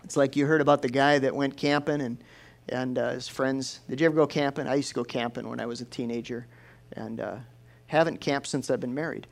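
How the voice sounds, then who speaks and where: A man preaching a sermon in a folksy, lively storytelling way. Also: medium pitch, brisk, creaky.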